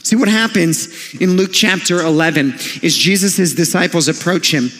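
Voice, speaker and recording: A man's voice: high-pitched, normal speed, fairly bright tone. A man in his thirties preaching a sermon as a pastor, in a conversational storytelling manner with light humor. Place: church sanctuary. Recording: long church hall reverb.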